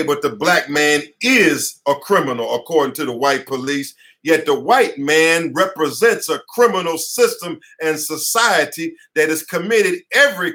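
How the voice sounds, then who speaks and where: A man's voice: a little high, bright, forceful tone. A man who is an attorney, giving an impassioned online class lecture from his headquarters, fiery and preacher-like, repeating phrases for emphasis, sweating as he talks. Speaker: attorney and teacher.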